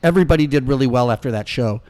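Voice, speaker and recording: A man's voice: mid-range voice, rapid-fire. A male comedian guest telling anecdotes in casual chat, acting out the voices of the people in them. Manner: animated, acts out voices in anecdotes. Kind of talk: casual storytelling. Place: restaurant bar.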